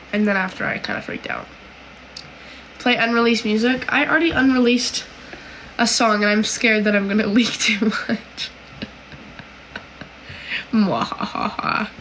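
A woman's voice: on the high side, fairly bright tone, a little hiss or hum, poor audio. A woman from Canada hosting a casual livestream, reading viewer comments aloud and answering them in a chatty, giggly way full of "like"s and "um"s.

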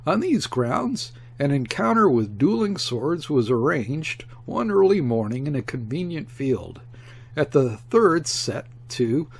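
A man reading a classic novel aloud as an audiobook narrator, expressive, and shifting his tone for the characters' quoted lines. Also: on the high side, gravelly, breathy edge. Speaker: audiobook reader. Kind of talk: scripted narration.

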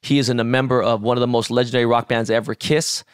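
A middle-aged man co-hosting a podcast, telling animated, profane stories in casual chat. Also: medium pitch, quick pace, clear, resonant tone, no echo, studio quality. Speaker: podcast co-host.

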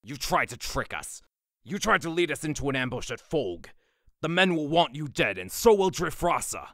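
A man's voice: a little high, sing-song, moderate pace, fairly bright tone, dry recording, clean studio sound. A man voicing a stern male fox general and protective father in an audio drama, commanding and harsh.

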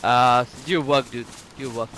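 A man, playing along and calmly giving directions in casual game chat. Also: mid-range voice, moderate pace. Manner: laid-back, giving directions. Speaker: fellow player. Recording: noisy background.

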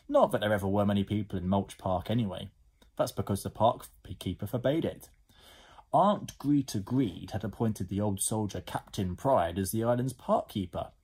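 Male reader, husky, lively, lower voice, school story time. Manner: expressive, animated. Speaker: teacher. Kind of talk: storybook reading aloud.

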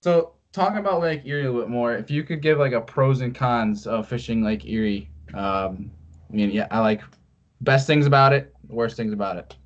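A man's voice: mid-range voice, moderate pace. Easygoing man on dull lo-fi audio. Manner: easygoing, laughs often. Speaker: podcast host. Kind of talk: casual podcast chat.

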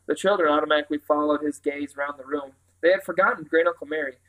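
A man reading a children's novel aloud in steady, clear storytelling. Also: on the high side, fast talker, poor audio. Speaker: reader.

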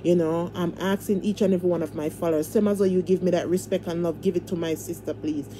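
A woman's voice: lowish voice, steady tone, fast, background noise. A woman hosting a casual livestream, talking in a fervent, repetitive, preacher-like way and pleading with her viewers. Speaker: livestream host.

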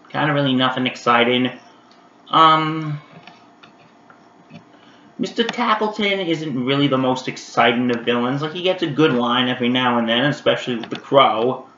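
A man reviewing an old animated holiday special in a casual vlog, chatty and animated with lots of fillers, talking straight to his viewers. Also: mid-range voice, moderate pace, slight background noise. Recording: roomy, dull lo-fi sound.

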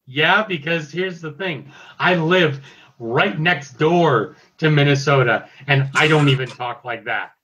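A man's voice: on the high side, a little slow, a bit bright, husky. A man hosting a casual review chat, recapping scenes in a loose, filler-heavy way. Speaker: host reviewing a cartoon episode. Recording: dull lo-fi audio.

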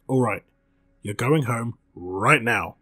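A man's voice: mid-range voice, lively intonation, slow pace, pushed and bright, breathy edge, full character voice. A man voicing a tired, blunt woman who runs a bar, speaking firmly and curtly. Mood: weary firm. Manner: firm, tired and curt.

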